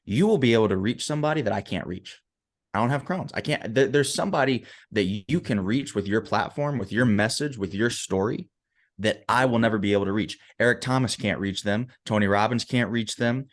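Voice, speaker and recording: A man's voice: on the low side, fairly quick. A man, a motivational speaker and coach, telling a story as a podcast guest, emphatic and often checking in with the listener.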